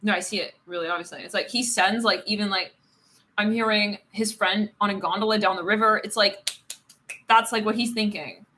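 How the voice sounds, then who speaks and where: Giggly woman rambling through a live tarot reading, bright voice, faint hiss behind. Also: mid-range voice, steady tone, a little fast. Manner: rambling, giggly, says "it's like" constantly. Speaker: tarot reader.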